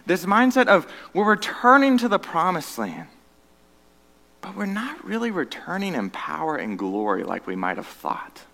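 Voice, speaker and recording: A man preaching a sermon as pastor, earnest, moving between loud emphatic stretches and hushed, low passages. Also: big pitch swings, normal speed, gravelly, big-room sound.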